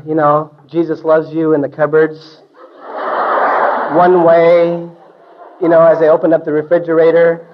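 A man with a fairly high voice tells his church testimony like an animated storyteller, dropping hippie slang. He swings from loud bursts to hushed asides. The recording is dull and lo-fi. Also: noisy background. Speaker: testimony speaker.

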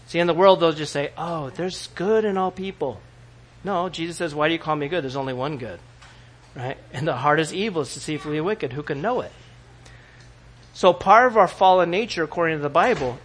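Animated male preacher quizzing the congregation. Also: fairly high pitch. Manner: acts out voices of the people he quotes. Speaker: pastor. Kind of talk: sermon.

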